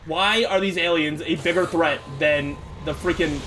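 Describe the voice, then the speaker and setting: A young man streams a video game, swinging between yelling in frustration and muttering under his breath. His voice sits a little higher than most men's. A faint hiss runs under the recording. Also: moderate pace, few pauses. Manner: frustrated, swearing, yelling outbursts then muttering. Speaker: gaming streamer. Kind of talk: let's play commentary.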